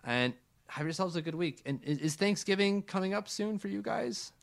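A man's voice: high voice, moderate pace, gravelly. Laid-back man rambling on a podcast. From Canada. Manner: relaxed, rambling with restarts. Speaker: podcast co-host. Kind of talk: casual sports chat.

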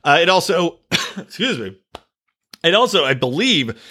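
A man's voice: a little high, big pitch swings, a little slow, pushed and bright, breathy edge. Brash, profane man ranting on his podcast. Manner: opinionated, profane, sarcastic rants. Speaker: podcast host. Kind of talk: solo political commentary podcast.

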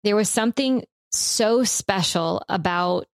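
A woman in her thirties telling a personal story in a relaxed, rambling way, with lots of fillers as she co-hosts a podcast. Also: medium pitch, unhurried, no echo, studio quality. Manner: reflective, rambling with frequent fillers.

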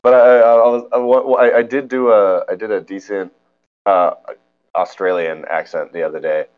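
A young man co-hosting a podcast in casual chat, animated and jokey with lots of stumbling restarts. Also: fairly low pitch, normal speed, clear, resonant tone. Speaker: podcast co-host. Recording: dull lo-fi recording.

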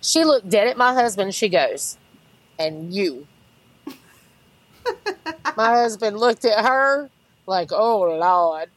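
A woman, a podcast guest telling stories in an animated way, laughing and acting out what others said. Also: a little high, unhurried, dry recording, rough recording. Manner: animated, laughs through stories, acts out quotes. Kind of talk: casual storytelling.

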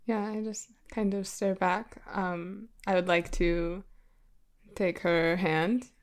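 A woman's voice: on the low side, level tone, slow pace. A woman takes part in a tabletop role-playing game as a player. She is playful, and she slips into formal, courtly phrasing when she speaks for her character.

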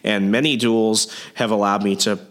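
A man's voice: on the low side, steady tone, normal speed, fairly bright tone, lightly acted. A man voicing a stoic male ronin swordsman, paraphrasing his lines casually in his own voice.

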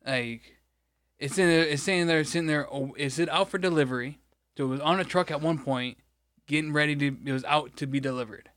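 A man's voice: fairly high pitch, fairly quick, a bit bright, no room sound, clean studio sound. A man from Michigan, co-hosting a podcast, rambling through an exasperated, profane story in casual chat. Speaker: podcast co-host.

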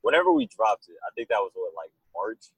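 A man being interviewed about his music, talking in a loose, rambling way and telling animated stories. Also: fairly low pitch, brisk, vocal fry, slightly rough, dry recording, poor audio. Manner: rambling, animated storytelling with laughs. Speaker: musician guest. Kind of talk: casual interview chat.

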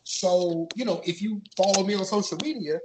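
A man's voice: high voice, normal speed, noisy background. A man from Maryland, a podcast guest, talking in a laid-back, loose way with lots of fillers. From Maryland, USA. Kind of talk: casual podcast chat.

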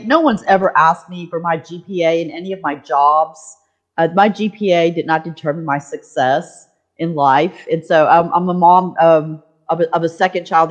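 A middle-aged woman hosting a podcast, telling stories in a casual, animated way and laughing often. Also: on the low side, highs cut off. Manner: animated storyteller, laughs often, voices quoted people. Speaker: podcast host. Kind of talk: casual chat.

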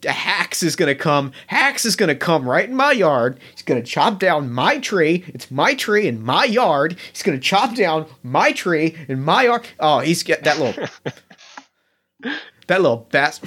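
A man's voice: a little high, sing-song, unhurried, bright, forceful tone, slightly rough, heavily acted. A man voicing a stoic, grumbly male goblin woodcutter who rants and complains. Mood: grumbly outraged. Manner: grumbling rant, rising to outrage.

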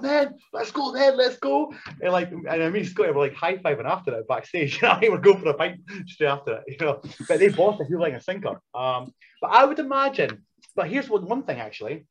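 A man, a wrestler and coach, telling stories as a podcast guest in a casual, animated way that is full of swearing and restarts. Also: on the high side, breathy edge. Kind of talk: casual storytelling chat. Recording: muffled lo-fi sound.

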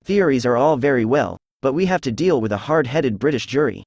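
A synthesized male voice reading the lines of a skeptical, practical male police inspector in an even way. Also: mid-range voice, gravelly, dry recording, muffled recording. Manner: even, measured synthetic delivery.

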